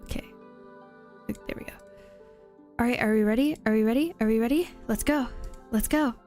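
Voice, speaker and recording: A young woman streaming a game, chatting excitedly to viewers and repeating herself when flustered. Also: fairly high pitch, normal speed, soft background music. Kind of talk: casual gaming stream chat.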